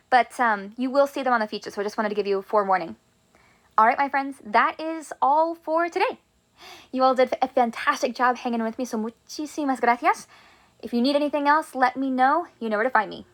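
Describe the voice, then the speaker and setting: A woman teaching a Spanish grammar lesson, upbeat and encouraging, slowing down to draw out her examples. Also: sits high, a bit bright.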